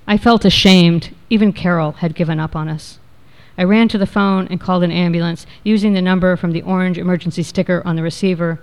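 Smooth-voiced woman reading a memoir. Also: fairly low pitch, steady tone. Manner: measured, reflective storytelling. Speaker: narrator.

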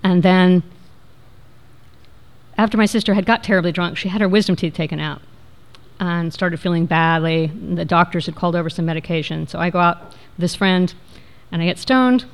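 A woman reading a first-person memoir aloud in a measured, reflective way. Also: fairly low pitch, little pitch movement. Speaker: narrator.

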